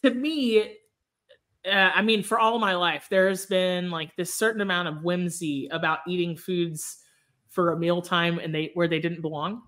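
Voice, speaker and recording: Animated woman podcast host. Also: on the low side, moderate pace. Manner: animated, laughs often, acts out movie lines. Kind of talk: casual chat.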